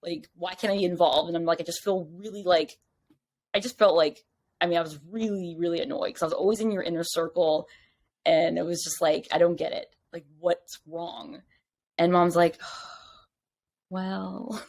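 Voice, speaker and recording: A woman with a fairly low voice chats as a podcast guest. She rambles through her story with lots of "like" and animated quoted lines. Her delivery is casual and unscripted. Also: moderate pace. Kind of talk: casual chat.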